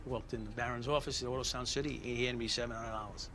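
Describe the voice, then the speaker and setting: A man's voice: mid-range voice, fairly even intonation, fast, background noise. A middle-aged man from New York City, a former police officer, bluntly retelling his past in an interview, full of swearing and quoted dialogue. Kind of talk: documentary interview storytelling. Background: music.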